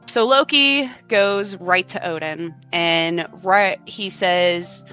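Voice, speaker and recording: A woman's voice: on the low side, takes it slowly, fairly bright tone, faint music behind. A woman co-hosting a podcast, casually retelling old myths in a chatty way, full of fillers. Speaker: podcast co-host. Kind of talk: casual storytelling chat.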